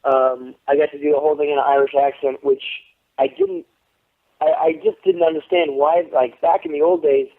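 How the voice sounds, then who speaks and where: A man being interviewed as an actor, telling stories in a profane, animated way over the phone. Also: mid-range voice. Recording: tinny phone line.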